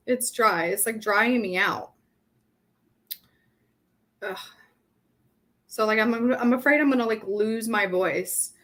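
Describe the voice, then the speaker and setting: Young woman, craft workshop host; slightly high, unhurried, rambling and chatty, dry throat. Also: fairly bright tone. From Southern California. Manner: chatty, rambling, thinks aloud with many ums. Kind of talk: casual live painting tutorial.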